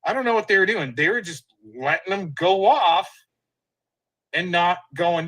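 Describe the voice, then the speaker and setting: A man's voice: a little high, lively intonation, moderate pace, sharp tone, rough recording. Profane, combative man ranting on a stream. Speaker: livestream host. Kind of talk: ranting commentary over played clips.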